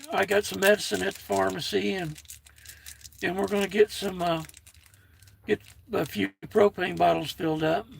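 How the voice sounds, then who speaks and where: A man's voice: high-pitched, vocal fry, husky. An older American man with a folksy manner, chatting casually on his own livestream and reading out viewer comments. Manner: folksy, reads out viewer comments, warm toward chat. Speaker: livestream host.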